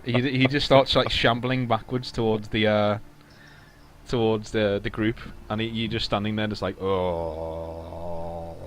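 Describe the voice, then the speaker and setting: A man's voice: on the low side, flat delivery, normal speed, a little hiss or hum. Stammering game master man. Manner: stammering restarts, playful narration. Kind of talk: narrating a tabletop game.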